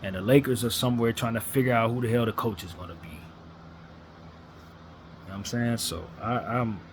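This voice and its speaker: A man's voice: mid-range voice, fairly quick, slight background noise. Frustrated man ranting about his team. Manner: frustrated, blunt, repetitive emphasis. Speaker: sports fan commentator. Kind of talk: ranting fan monologue.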